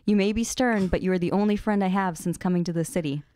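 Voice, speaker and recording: A woman's voice: fairly low pitch, fast, mellow, clear, resonant tone, close to an everyday voice. A woman reading aloud the lines of a timid, earnest young noblewoman from fan fiction.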